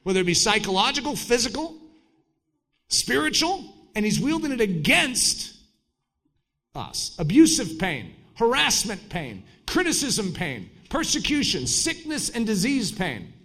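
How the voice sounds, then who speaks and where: Animated high-voiced male preacher. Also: unhurried. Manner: animated, jumps into shouted mock voices. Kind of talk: sermon.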